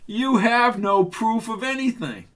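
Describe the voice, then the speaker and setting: A man's voice: high-pitched, expressive, measured pace, a bit bright, voice pushed up. A man voicing a smug, evasive male professor under suspicion in an audiobook mystery. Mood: defiant.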